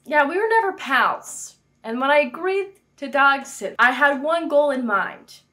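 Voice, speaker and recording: A woman hosts a faith vlog from her apartment, chatting casually and dropping jokey, playful asides. Her voice sits high, bright and forceful.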